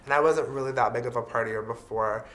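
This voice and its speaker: A man's voice: medium pitch, steady tone, fast talker, fairly bright tone. A man speaking in a candid, earnest confessional vlog, dropping the odd swear word. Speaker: vlogger.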